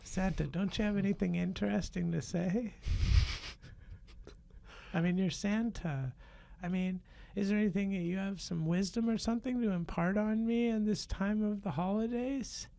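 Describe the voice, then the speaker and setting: A man's voice: high-pitched, moderate pace, vocal fry, mellow, voice pushed up. A man playing a kid in an improv comedy scene, teasing and mocking Santa, laughing mid-sentence. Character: kid annoyed at getting coal from Santa.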